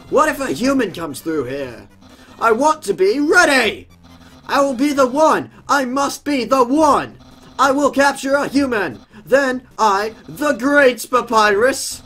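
A pompous skeleton who yells every line and dreams of glory, as a player puts him on. The voice is bright and bounces around wildly, with soft game music behind. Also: mid-range voice, exaggerated voice. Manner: yelling, grandiose. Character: loud boastful male skeleton, eager.

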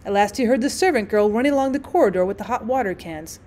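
A woman's voice: on the high side, lively intonation, quick pace, darkish tone. A young woman reading a classic short story aloud as a teacher, voicing the dialogue expressively.

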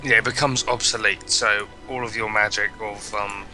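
A man's voice: on the low side, fairly even intonation, moderate pace, pushed and bright, faint music behind. A man chatting with friends over voice chat during a strategy game, explaining the rules in a knowing, teasing way. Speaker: gamer playing in a group.

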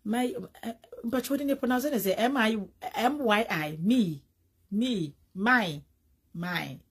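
Husky Ghanaian woman gossiping animatedly. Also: a little high, a little slow. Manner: animated, mixes English with Twi, repeats words. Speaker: entertainment vlogger. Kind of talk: casual gossip commentary.

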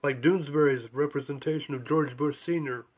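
A man's voice: a little high, steady tone, a little fast, a little mellow, slightly rough. A man voicing a talking swamp in an audiobook, with a dry, matter-of-fact delivery. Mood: wry.

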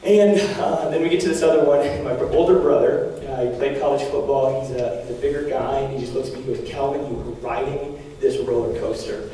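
Animated young man in an echoey hall. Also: mid-range voice, fast, hardly any pauses. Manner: animated, laughs often, many fillers. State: losing his voice. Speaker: parish speaker. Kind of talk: lively storytelling talk to a group. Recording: echoey hall from far off, faint noise.

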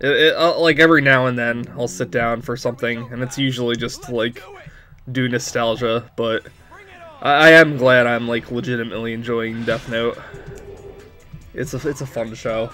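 A man's voice: medium pitch, fairly even intonation, normal speed, pushed and bright, soft background music. A young man giving casual gameplay commentary, rambling with lots of fillers and breaking into laughing fits. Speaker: let's play commentator.

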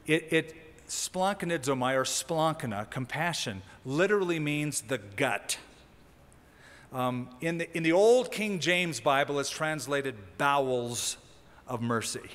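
Pastor preaching in a reverberant hall. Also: male voice, fairly high pitch, takes it slowly. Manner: conversational teaching with lively emphasis. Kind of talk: sermon. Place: church sanctuary.

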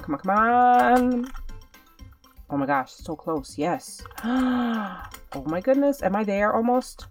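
A woman's voice: on the low side, fairly bright tone, distant mic. A young woman doing casual game commentary, chatty and dramatic, talking straight to her viewers while she plays. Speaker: gaming channel host.

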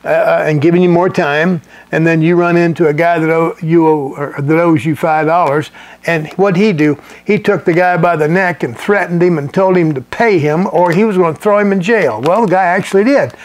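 Folksy high-voiced preacher man. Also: normal speed. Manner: folksy, conversational, with frequent restarts and chuckles. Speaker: pastor. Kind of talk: sermon teaching.

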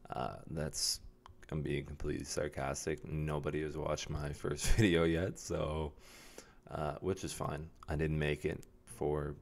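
A young man with an extremely low, rumbling voice speaks in a near-monotone, barely rising or falling. He rambles casually to the camera, pausing on fillers and restarting his sentences as he searches for words. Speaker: vlogger. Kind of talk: casual self-reflective vlog.

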